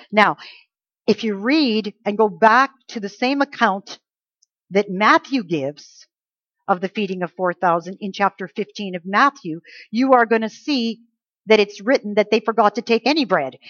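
A woman's voice: medium pitch, no echo, lo-fi sound. A woman giving a conversational Bible teaching, checking in with her listeners through rhetorical questions.

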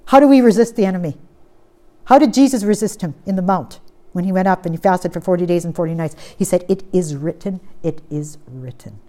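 A woman's voice: on the low side, fast talker. Woman preaching with swelling emphasis. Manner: emphatic, swings from loud stress to quiet. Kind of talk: sermon.

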